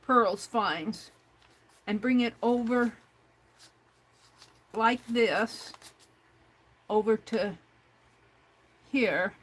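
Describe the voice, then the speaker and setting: During her crafting livestream, this host chats away to herself and her viewers while working, reading the chat aloud. Her voice is on the high side, with drawn-out words and long pauses, on a rough recording.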